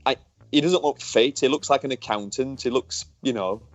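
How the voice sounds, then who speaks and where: A man's voice: mid-range voice, normal speed, no room sound. A man in his forties with a northern English accent, a former racer co-hosting a casual podcast, candid and jokey, swearing freely. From northern England.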